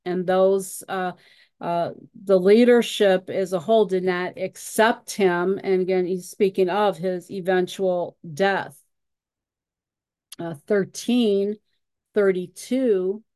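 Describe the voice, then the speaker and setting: A woman's voice: mid-range voice, steady tone, takes it slowly, a little mellow, no echo. A woman leading a Bible study who reads scripture passages aloud and explains them with frequent fillers and repeated words.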